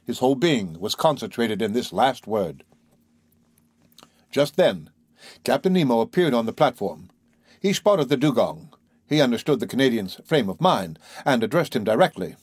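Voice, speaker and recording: A man narrating an adventure audiobook in a steady, even reading voice. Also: medium pitch, normal speed, slightly rough, dry recording.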